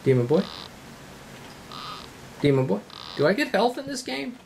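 A gaming channel host doing let's-play commentary, swearing and yelling at the game in frustration. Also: medium pitch, sing-song, measured pace, gravelly, slight background noise.

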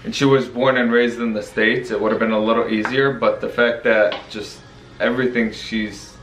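A man's voice: fairly low pitch, fairly even intonation, normal speed, fairly bright tone. Earnest young man in an echoey room. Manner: earnest, repeats words at the start. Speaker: co-host, husband. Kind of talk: casual chat. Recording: echoey room with faint noise.

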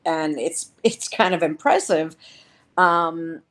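Woman co-host, lower register, chatty rambling recap style. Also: slow pace, fairly bright tone. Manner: rambling retelling with many fillers and quoted lines. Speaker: podcast co-host reviewing a TV series. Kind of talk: casual episode recap.

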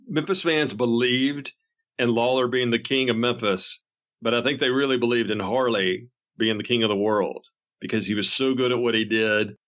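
A man earnestly reminiscing as a guest, with halting restarts and fillers. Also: mid-range voice, a bit bright. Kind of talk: reminiscing casual talk.

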